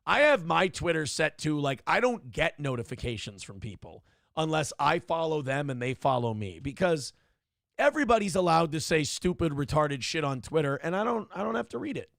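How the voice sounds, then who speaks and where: A man's voice: fairly high pitch, very animated, moderate pace, vocal fry, fairly bright tone, dry recording, clean studio sound. A man hosting a casual political commentary livestream, rambling and sarcastic, swearing freely as he reads comments aloud. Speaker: show host.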